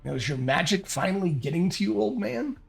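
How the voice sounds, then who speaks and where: A man's voice: sits high, sing-song, quick pace, vocal fry, soft background music, voice pushed up, exaggerated voice. A man voicing a bold, adventurous male companion with a casual, teasing manner.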